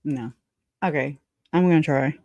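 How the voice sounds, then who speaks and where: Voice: medium pitch, normal speed, a little mellow, dry recording, muffled recording. Chatty live-stream host, dry sound. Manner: chatty, laughing, talks to viewers as y'all. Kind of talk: casual live stream chat.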